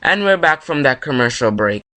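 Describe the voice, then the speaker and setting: A young man from Jamaica talks alone into his mic about his own music in a relaxed, chatty way. He rambles, backtracks and corrects himself as he goes. His voice sits at an ordinary pitch for a man. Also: normal speed. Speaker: independent musician hosting his own podcast. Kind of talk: casual solo monologue.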